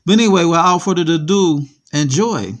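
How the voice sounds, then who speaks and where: A man's voice: fairly high pitch, expressive, fairly quick. A man hosting his own podcast, talking casually in a streetwise way and often checking in with his listener. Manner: streetwise, repeats "you feel me". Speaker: podcast host. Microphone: voice message pieced into a podcast.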